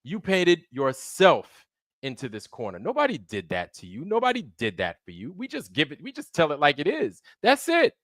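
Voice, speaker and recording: A man rants into a close mic on his own livestream, hammering the same points over and over with a stream of profanity. His voice sits a little high and swings widely in pitch as he gets heated. The sound is dry, with no room around it. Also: huge pitch swings, normal speed, a bit bright, no room sound. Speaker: livestream host. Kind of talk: angry livestream rant.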